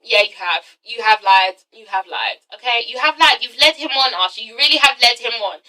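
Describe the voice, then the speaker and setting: A woman's voice: a little high, a little fast, recorded from a distance, low-quality recording. A woman casually recapping a TV episode, gossipy and profane, checking in with "okay?" as she talks. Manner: gossipy, animated, swears freely, often asks "okay?". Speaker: TV episode reviewer. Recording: voice set back from the mic.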